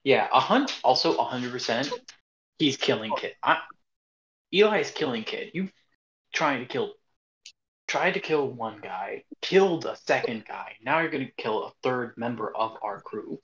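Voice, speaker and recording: A man playing in a tabletop game, talking in a brash, excitable way and swearing. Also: medium pitch, moderate pace, dull audio. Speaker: player.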